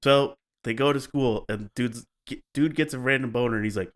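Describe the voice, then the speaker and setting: Male podcast host, mid-pitched, casual and wry storyteller with playful mock voices. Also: normal speed, fairly bright tone. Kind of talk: casual chat, retelling stories.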